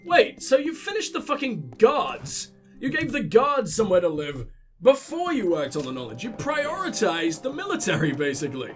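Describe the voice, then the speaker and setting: Stuffy-nosed guy doing let's play commentary, rambling and sweary, kinda high-pitched. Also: wildly swooping pitch, normal speed, soft background music. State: congested with a cold or flu. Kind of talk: gameplay commentary.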